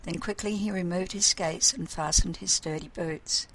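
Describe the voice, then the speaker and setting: A woman reading a story aloud in a calm, measured narration. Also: fairly low pitch, low-quality recording.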